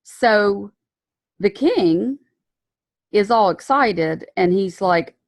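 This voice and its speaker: A woman's voice: medium pitch, expressive, drawn-out words, pauses often, dry recording, studio quality. A woman giving a casual Bible lesson, retelling the story in a chatty way with slang and frequent self-corrections. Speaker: Bible teacher.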